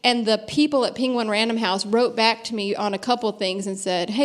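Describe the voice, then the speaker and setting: A woman's voice: on the high side, lively intonation, normal speed. A woman from the American South in her thirties, a guest author telling stories on stage with a self-deprecating manner, laughing often and restarting her sentences. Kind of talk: storytelling interview on stage.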